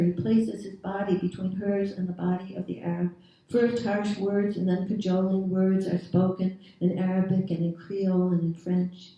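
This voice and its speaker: A woman author reading her own prose aloud at a literary event, in a measured, deliberate storytelling manner. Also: medium pitch, dark tone. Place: reading series venue. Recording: very echoey room, distant mic.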